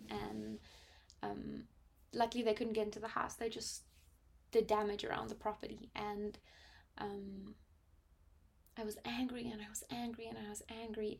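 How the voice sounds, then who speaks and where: A young South African woman in her twenties speaks in a personal vlog. She talks reflectively, pausing often and filling gaps with fillers, and her mid-pitched voice carries a noticeable vocal fry. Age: 20s. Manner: reflective, with frequent pauses and fillers. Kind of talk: personal testimony.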